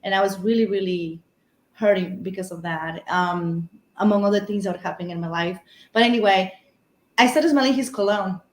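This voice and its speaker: A woman's voice: medium pitch, fairly quick, roomy sound. A woman guest on a paranormal podcast, telling a personal story in a rambling, casual way full of fillers and restarts.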